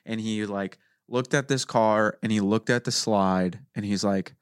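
A man's voice: lowish voice, fairly even intonation, measured pace, clear, resonant tone, dry recording, studio quality. A man in casual family chat on a podcast, joking and telling anecdotes. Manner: jokey, tells anecdotes. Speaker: podcast co-host.

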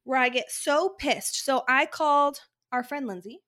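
A woman's voice: high voice, a little slow, a bit bright. A young adult woman co-hosting a podcast, telling stories emphatically, with casual swearing. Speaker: podcast co-host. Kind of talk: casual chat.

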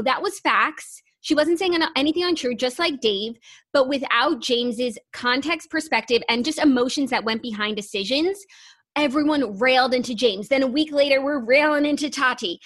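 A woman's voice: sits high, fairly bright tone, no echo. A young woman co-hosting a podcast in casual chat, chatty and full of "like.". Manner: chatty, heavy use of "like". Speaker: podcast co-host.

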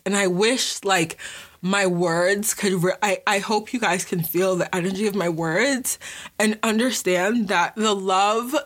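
A woman's voice: medium pitch, fairly bright tone. A woman hosting a podcast, talking to listeners in a casual, gushing and emotional way, with many "like"s and "you guys". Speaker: podcast host.

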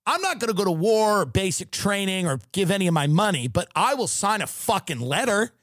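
Man ranting sarcastically, lively high voice. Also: fairly quick, no echo, studio quality. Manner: sarcastic, swearing, riffing. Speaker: comedian. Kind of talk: comedic rant.

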